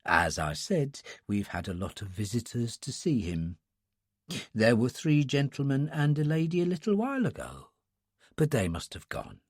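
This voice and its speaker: An older man voicing an elderly white-haired undertaker's attendant who talks slowly, quietly and deferentially. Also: mid-range voice, very animated, no echo, clean studio sound. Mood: hushed. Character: old white-haired male undertaker's attendant, drowsy and courteous.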